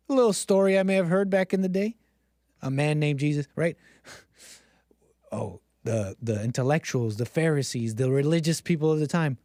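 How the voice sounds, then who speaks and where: A man's voice: a little high, normal speed, darkish tone, no echo, studio quality. A man hosting a casual livestream, rambling and sarcastic, mocking others with exaggerated gasps. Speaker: livestream host.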